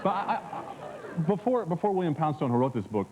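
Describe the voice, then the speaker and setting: A man's voice: fairly high pitch, sing-song, normal speed, a little mellow, slight background noise, low-quality recording. A man co-hosting a TV talk show, joking around and stammering over his words. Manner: stammering, jokey, repeats words. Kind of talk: jokey TV talk chat.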